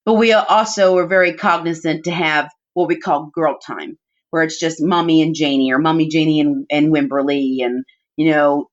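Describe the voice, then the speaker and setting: Speaking at normal speed in a low-pitched, steady tone, a female podcast guest recounts personal family stories, chatty and heartfelt, with plenty of "like" and "you know" fillers. The recording comes across dull and muffled.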